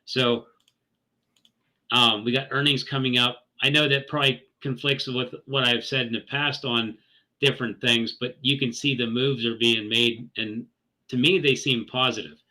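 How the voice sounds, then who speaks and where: Man with a very bright, tense voice. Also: mid-range voice, steady tone, normal speed, low-quality recording. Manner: thinking aloud, loose and hesitant. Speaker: stream co-host reading comments. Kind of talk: casual livestream chat.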